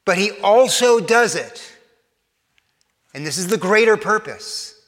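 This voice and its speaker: A man preaching a sermon, earnest, repeating and restarting phrases, often dropping soft for emphasis. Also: high voice, expressive, slow, long reverb tail.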